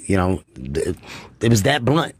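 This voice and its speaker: A man's voice: deep voice, very animated, a little slow, slightly rough, no echo. A man in his thirties, a guest comedian, telling earnest stories in a casual studio interview. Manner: earnest storytelling. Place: radio studio. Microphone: studio mic.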